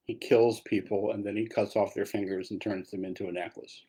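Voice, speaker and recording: A man's voice: on the low side, little pitch movement, brisk, few pauses, mellow, slightly rough. A man giving a dharma talk as a meditation teacher, telling a story in a casual way with asides.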